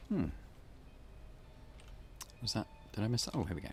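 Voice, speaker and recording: Low-voiced guy playing a game, reads notes out loud, mumbly asides, pretty lively up and down. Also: moderate pace, long pauses, breathy edge. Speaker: let's play host. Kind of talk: gameplay commentary.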